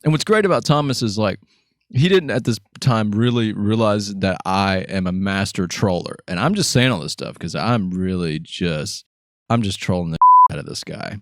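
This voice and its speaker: A man's voice: moderate pace, no echo, studio quality. A man telling a funny story in casual chat, rambling with lots of fillers and laughing as he goes. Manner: laughs through the story, voice climbs high with excitement.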